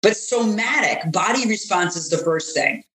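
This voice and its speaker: A woman's voice: mid-range voice, lively intonation, normal speed, fairly bright tone. A woman coach and author giving an earnest interview, acting out bits of the dialogue she retells. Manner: earnest, acts out quoted dialogue. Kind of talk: interview talk. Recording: roomy echo.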